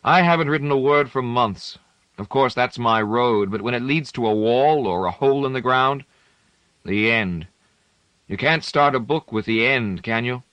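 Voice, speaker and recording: A man's voice: medium pitch, normal speed, fairly bright tone, smooth, dry recording, muffled recording, voice pushed up, lightly acted. A man voicing an intense, tormented young male poet who speaks with raised, impassioned emotion. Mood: rueful. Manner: impassioned, rising to tearful.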